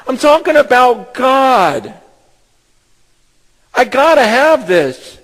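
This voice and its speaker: A man's voice: very high voice, very animated, slow pace, pauses often, fairly bright tone, big-room sound, poor audio. A man preaching a sermon as pastor, impassioned and blunt, acting out conversations as he speaks.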